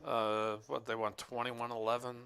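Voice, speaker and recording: A man's voice: mid-range voice, level tone, normal speed, creaky, a bit bright, clear, resonant tone. A man commenting live on a poker final table, rambling about football and reading viewer chat in a joking, casual way. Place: card room commentary booth.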